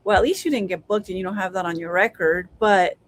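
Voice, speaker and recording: A woman's voice: mid-range voice, quick pace, a little hiss or hum, low-quality recording. A woman co-hosting a casual chat, thinking aloud with many hedges and fillers. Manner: thoughtful, hedging with fillers.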